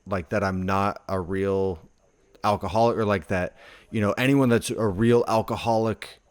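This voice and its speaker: A man with a low voice chats casually on a podcast, stringing his story together with plenty of filler words. He sounds relaxed and unhurried. The sound is dry and close, with no room echo. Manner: laid-back storytelling, heavy on filler words. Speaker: podcast co-host. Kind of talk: casual chat.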